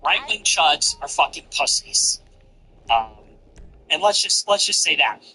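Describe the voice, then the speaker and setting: A man's voice: a little high, expressive, measured pace, sharp tone, faint music behind, poor audio. A man giving blunt, profane, mocking casual political commentary.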